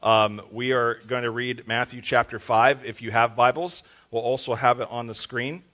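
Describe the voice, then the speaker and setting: A male pastor with a bright, forceful voice gives a relaxed, joking sermon into a handheld mic in a church. He keeps his pitch in an everyday middle range and talks loosely, with plenty of "like" and "um" along the way. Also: normal speed. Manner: casual and joking, with many fillers. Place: church sanctuary. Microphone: handheld microphone.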